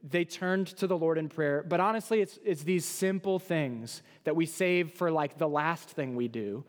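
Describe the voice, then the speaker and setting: A man delivers a sermon in an easy, conversational tone, stopping to act out quotes along the way. His voice sits high. Long reverb trails every phrase, as in a large hall. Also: normal speed. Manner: conversational preaching with fillers and acted-out quotes. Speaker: pastor.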